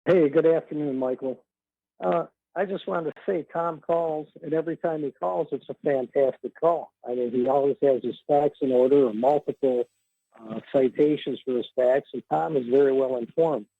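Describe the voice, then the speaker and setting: A man calling in to a talk radio show, measured and wry, heard over a tinny phone line. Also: on the high side, creaky, dry recording. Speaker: caller. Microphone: telephone.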